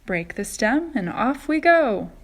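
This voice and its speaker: A kind, gentle ladybug from a storybook, as a woman reading aloud gives her voice. She explains things patiently in a soft, motherly way. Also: on the high side, big pitch swings, takes it slowly, exaggerated voice. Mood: kindly. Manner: kindly, explaining.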